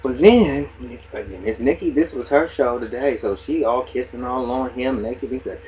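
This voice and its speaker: A man giving a casual, gossipy TV recap, animated and profane, talking straight to his viewers. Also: medium pitch, normal speed, a little hiss or hum, rough recording. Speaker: TV show recap vlogger.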